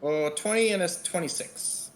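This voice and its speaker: A man playing a tabletop game, planning his character's turn slowly and deliberately. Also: fairly high pitch, slight background noise. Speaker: player.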